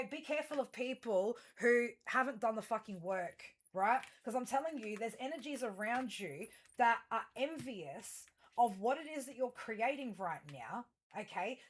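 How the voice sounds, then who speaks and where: A woman's voice: a little high, fairly bright tone. A woman giving a tarot reading to her viewers, rambling through fillers and restarts and turning blunt and emphatic, with plenty of swearing. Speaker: tarot reader.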